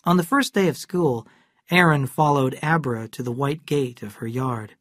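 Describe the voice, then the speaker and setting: A narrator reading a classic novel aloud in slow, clear, evenly paced English for learners. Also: mid-range voice, no room sound, clean studio sound.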